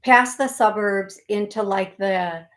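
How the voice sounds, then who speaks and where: Slow-talking woman psychic hosting live. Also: mid-range voice. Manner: rambling, self-correcting, folksy and reassuring. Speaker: psychic medium hosting a live call-in show. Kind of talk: live call-in reading, chatty address to viewers.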